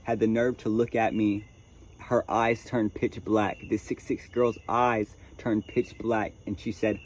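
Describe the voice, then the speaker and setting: A man tells a dramatic story straight to his viewers, calling them chat and y'all as he goes. His voice sits fairly low, and faint crickets and birds sound behind him outdoors. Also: level tone, a little slow, a little hiss or hum. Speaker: vlogger. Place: outdoors at a tent camp.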